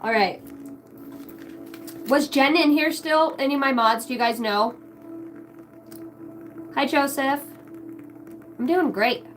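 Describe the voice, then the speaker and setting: A woman's voice: high voice, slow, pauses often, fairly bright tone, soft background music, rough recording. A middle-aged woman hosting a tarot livestream, chatting casually, swearing often and jumping between chat comments. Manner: profane, scattered, reads chat aloud.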